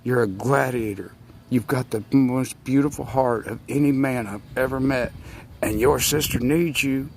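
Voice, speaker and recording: Rambling, impassioned man talking to camera. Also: medium pitch. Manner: rambling, impassioned, addresses listeners directly. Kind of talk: rambling emotional monologue.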